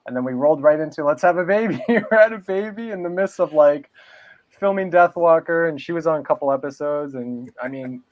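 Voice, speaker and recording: A fairly quick, higher-pitched man from New England chats casually as a podcast guest, laid-back and constantly dropping "man" and "dude." The interview talk comes through with dull, lo-fi sound.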